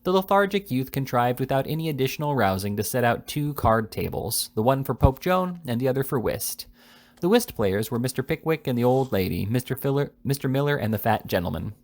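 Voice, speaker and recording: A man narrating a classic novel as an amateur audiobook reader, steady with small stumbles. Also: mid-range voice, a little fast.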